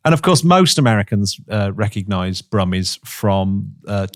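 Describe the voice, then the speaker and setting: A man's voice: lowish voice, lively intonation, normal speed, no room sound, studio quality. Jokey man. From Birmingham, England. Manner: jokey, teasing banter. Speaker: podcast co-host. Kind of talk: casual chat.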